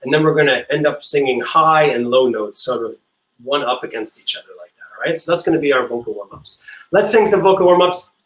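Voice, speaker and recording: A man teaching a music class, playful and encouraging, leading silly vocal warm-ups and singing notes to demonstrate. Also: medium pitch, fairly quick, reverberant, poor audio. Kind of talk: online music class for kids.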